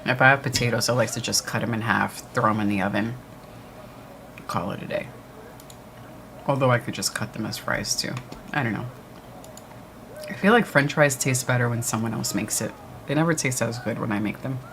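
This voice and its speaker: A man's voice: medium pitch, normal speed, creaky, long pauses, fairly bright tone, slight background noise. A man co-hosting a livestream watch party, chatting casually and answering viewer comments. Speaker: livestream co-host. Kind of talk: casual chat with live chat.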